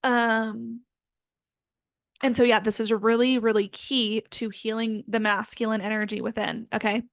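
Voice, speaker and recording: There's a gravelly quality to this woman's high-leaning, fairly flat voice, and she takes her time. In her twenties and working as a spiritual healing coach, she gives a heartfelt, informal self-help talk riddled with "um" and "like," recorded without room sound.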